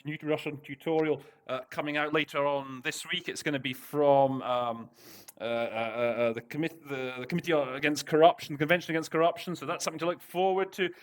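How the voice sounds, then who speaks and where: Pitched on the high side with fairly even intonation, the interpreting tutor talks a little fast as he hosts a lesson. He breaks the text down casually and chattily, with many fillers and restarts along the way.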